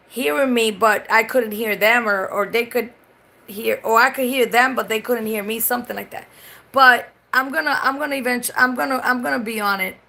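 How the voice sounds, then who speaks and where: A woman's voice: fairly high pitch, vocal fry, sharp tone. A Puerto Rican woman chatting casually on a live stream. She swears freely and switches between English and Spanish mid-sentence. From Puerto Rico.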